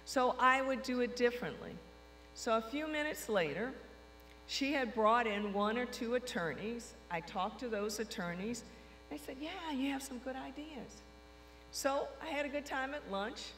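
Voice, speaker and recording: A woman telling a lively anecdote, acting out the dialogue with frequent quotes. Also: fairly high pitch, normal speed. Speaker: storyteller recounting her career. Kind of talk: anecdotal storytelling to an audience. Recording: long reverb hall with faint mains hum.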